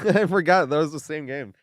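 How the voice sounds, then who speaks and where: A man's voice: a little high, normal speed, no room sound, studio quality. A man giving casual live commentary as a game streamer, chatty, laughing often and making sarcastic asides.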